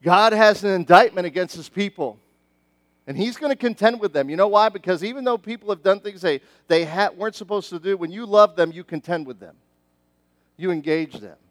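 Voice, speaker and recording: High-voiced middle-aged man preaching. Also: fairly quick, no room sound. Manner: animated, conversational preaching with many restarts. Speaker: pastor. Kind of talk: sermon.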